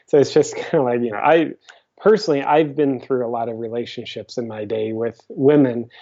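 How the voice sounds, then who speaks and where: A man speaking as a guest on an interview show, relaxed and wry as he muses. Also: medium pitch. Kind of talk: casual interview chat. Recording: dull lo-fi audio.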